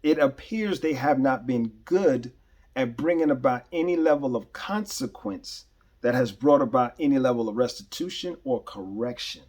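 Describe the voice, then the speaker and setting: A man's voice: mid-range voice, lively intonation, moderate pace, darkish tone. A man hosting a podcast, talking to listeners in an earnest, emphatic, preacherly way, stressing key words and restarting phrases. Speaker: podcast host. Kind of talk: unscripted commentary monologue.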